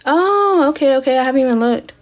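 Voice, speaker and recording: A young woman with a drawl hosts a casual livestream, fielding viewer questions. Her voice sits slightly high, and she talks emphatically, often turning to her audience with a quick y'all. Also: lively intonation.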